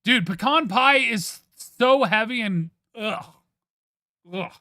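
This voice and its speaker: A man from Ohio chats with his stream audience in a high, lively voice that swoops up and down. His tone is bright and sharp, and his opinions come out playfully dramatic. The sound is dry and close, with no room echo. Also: takes it slowly. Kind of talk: casual chat with stream viewers.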